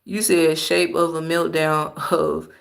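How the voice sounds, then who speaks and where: A woman's voice: low voice, level tone, takes it slowly, creaky, echoey room. A woman talking bluntly and emphatically in casual slang while commenting on a livestream and answering chat.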